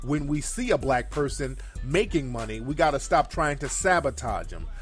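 A man's voice: medium pitch, big pitch swings, moderate pace, soft background music. A man hosting a call-in livestream show, delivering blunt, profane, emphatic commentary that repeats its key phrases for force.

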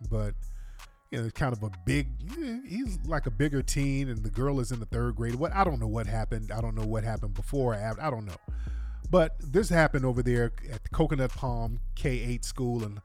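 A man's voice: mid-range voice, normal speed, a little mellow. An American man hosting a livestream with casual, slangy commentary. He sounds sarcastic and exasperated as he rambles through his points, with faint music behind him. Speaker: livestream host.

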